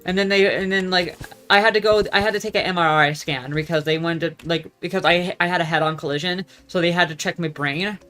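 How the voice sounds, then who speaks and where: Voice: medium pitch, little pitch movement, a little fast, pushed and bright. A young adult vlogger telling a story in a casual, profane, rambling rant that keeps losing its thread. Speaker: gaming vlogger.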